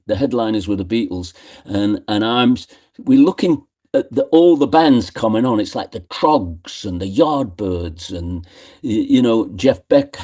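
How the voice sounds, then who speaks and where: A man's voice: lowish voice, mellow. An older man, a musician guest on a radio show, telling anecdotes in a chatty way and acting out what others said. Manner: chatty anecdotal storyteller, acts out quotes. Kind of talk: radio interview storytelling. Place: radio studio.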